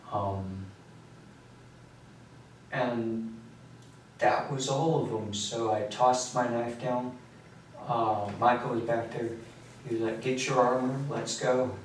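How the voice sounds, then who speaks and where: In an interrogation room, a quiet teenage boy under questioning by police halts through his account, filling gaps constantly. He speaks at a fairly low pitch. The mic is distant, the room echoes, and a faint hiss runs underneath.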